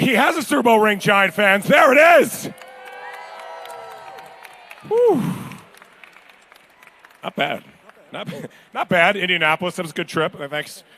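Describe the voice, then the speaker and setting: High bright-voiced charity auctioneer man. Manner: fast bid-calling, joking with the crowd. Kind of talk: live charity auction calling. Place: large banquet hall at a gala.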